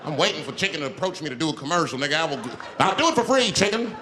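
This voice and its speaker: Guy doing a profane comedy set on a big stage, voice jumping all over, audience and noise everywhere. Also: racing. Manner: animated storytelling, profane, pitch jumps up for emphasis. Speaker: stand-up comedian. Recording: live show, loud crowd and noise.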